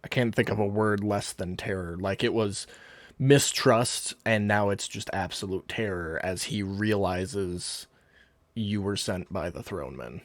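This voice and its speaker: A man's voice: on the low side, a little slow, no echo. A man acting as game master, patiently explaining rules and describing the scene step by step. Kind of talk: running a tabletop game online.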